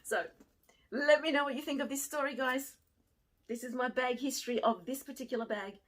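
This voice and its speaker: A middle-aged woman from Australia telling a personal story to camera, swinging from hushed to excited. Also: high voice, fairly quick. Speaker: fashion vlogger and former teacher.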